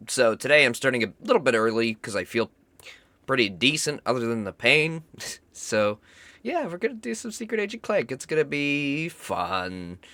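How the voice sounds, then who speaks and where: A young man talks through a stream while sick, his voice hoarse and cracking, with a cough. He rambles, swears and makes fun of himself in a bright, forward tone. The sound is dry and close, like a desk mic. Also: mid-range voice, dry recording. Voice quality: rough, cracking voice. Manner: rambling, self-mocking, swears often. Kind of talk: casual gaming stream chat.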